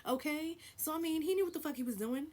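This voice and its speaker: Profane, animated woman vlogger. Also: high-pitched, fast talker. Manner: blunt, profane and animated, swings between loud emphasis and hushed asides. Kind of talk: storytime vlog.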